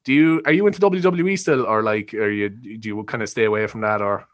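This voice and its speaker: A man's voice: lowish voice, fairly quick. A young man with a Cork Irish accent hosting a podcast in casual chat. He rambles and swears, with a lot of "you know". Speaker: podcast host.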